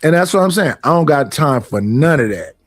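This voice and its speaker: A man's voice: fairly high pitch, brisk, no echo, clean studio sound, faint music behind. A man talking bluntly in a casual discussion, acting out both sides of his stories. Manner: blunt, animated storytelling.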